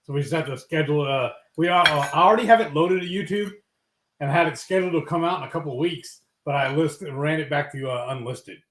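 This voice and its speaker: A man's voice: fairly high pitch, fast talker, fairly bright tone. A man co-hosting a live cooking stream, explaining things in a rambling way with lots of fillers. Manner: rambling, searching for words with fillers. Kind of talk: casual live-stream chat. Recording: echoey room.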